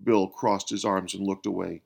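A man narrating a scripted story in an even, measured way. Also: low-pitched, gravelly.

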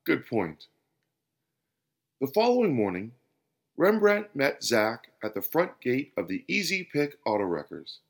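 A man hosting and narrating a scripted parable with an expressive reading. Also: medium pitch, normal speed. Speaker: host and storyteller. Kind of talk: scripted storytelling.

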